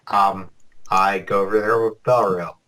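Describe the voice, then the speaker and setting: A man's voice: low voice, fairly even intonation, unhurried, bright, forceful tone. A man playing in a tabletop game over voice chat, laid-back with short replies. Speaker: player. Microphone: online voice chat mic.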